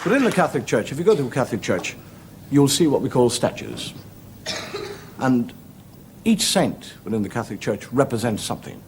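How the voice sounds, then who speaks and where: A middle-aged Irish man tells stand-up stories in a lilting, wry way. His pitch swoops lively up and down. The old TV recording carries a clear hiss. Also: fairly quick, crowd noise. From Ireland. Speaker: stand-up comedian. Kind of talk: stand-up storytelling. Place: television studio with audience. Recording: noisy 1970s TV broadcast.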